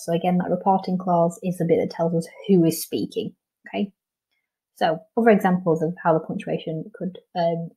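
A woman's voice: fairly low pitch, mellow, breathy edge, poor audio. A woman with a Welsh English accent, a primary school teacher patiently explaining a recorded lesson step by step, with frequent ums.

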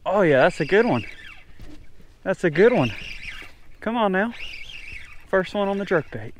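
A man narrating a casual fishing vlog from a small boat on a creek, talking excitedly to the fish and his viewers. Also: high-pitched, a little slow, slight background noise. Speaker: fishing vlogger. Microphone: chest-mounted action camera.

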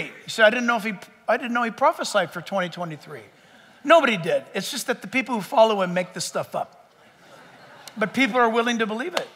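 High, bright-voiced preaching man in a hall. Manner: animated, joking preacher with mock quotes. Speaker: pastor. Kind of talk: sermon.

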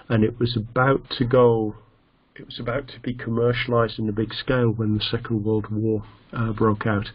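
A male English teacher lecturing slowly, with many fillers and restarts. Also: mid-range voice. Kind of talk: online lecture. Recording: dull lo-fi sound.

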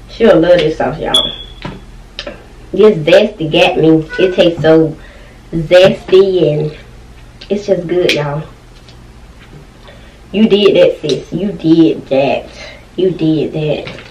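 Young woman, low voice, unhurried food-review chatter; roomy home sound, faint background noise. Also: darkish tone, far from the mic. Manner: chatty, eating on mic with frequent "mm"s. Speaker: mukbang vlogger. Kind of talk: casual food review while eating. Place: at home with her kids nearby. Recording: roomy, off-mic home recording.

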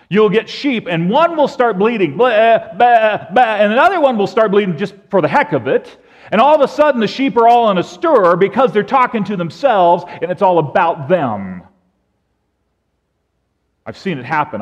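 A man preaching a sermon as pastor, telling stories animatedly and acting out the bleats and calls of sheep. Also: fairly high pitch. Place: church sanctuary. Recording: dull sound with long church reverb.

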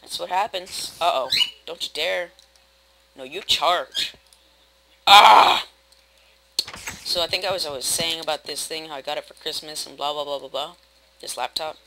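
A young man rambling through casual, self-mocking commentary while playing a building game, with sudden loud outbursts. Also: on the high side, creaky, noisy background. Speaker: gaming video host. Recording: game music playing behind. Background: game music.

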